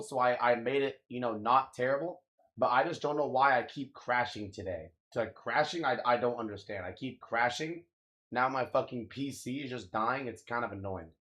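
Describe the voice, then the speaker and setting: A young man chatting casually on a live stream, slangy and swearing, venting about lag and reacting with drawn-out "wow"s. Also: medium pitch, a bit bright. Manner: loose, slangy, swears often, exclaims "wow" a lot; frustrated, ranting about lag.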